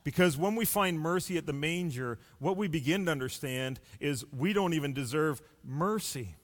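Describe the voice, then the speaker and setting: A man preaching a sermon as pastor, deliberate and building long runs of rhetorical questions. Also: fairly high pitch, expressive, long reverb tail.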